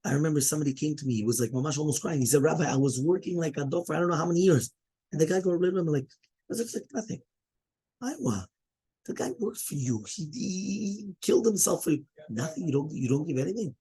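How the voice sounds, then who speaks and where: A man teaching a Talmud class, animated and full of "okay?" and "right?", mixing Hebrew and Aramaic terms into English. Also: fairly high pitch, racing, slightly rough.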